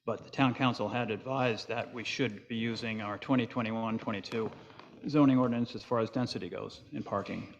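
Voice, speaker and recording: Board chair, man, mid pitch, halting procedural delivery, echoey dull meeting-room recording. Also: steady tone, slight background noise. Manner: procedural, thinks aloud with fillers. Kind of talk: public meeting discussion. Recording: echoey hall, dull lo-fi sound.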